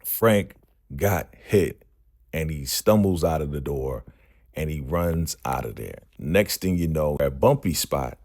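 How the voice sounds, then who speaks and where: A man's voice: rumbling low, expressive, a little slow, darkish tone. A man casually recapping a TV episode in loose, slangy talk, tagging lines with "right?" and "you know".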